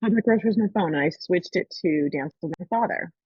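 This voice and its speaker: A woman with a lowish, husky voice hosts a podcast, telling a personal story fairly quickly and acting out the quoted voices with animation. The recording is dry, with the highs cut off.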